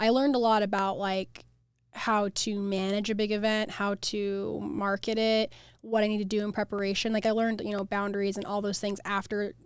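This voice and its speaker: A young woman with an American accent, a flower farm owner chatting as a guest, animated and full of "like" fillers. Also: medium pitch, clean tone, no room sound. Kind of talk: casual interview chat.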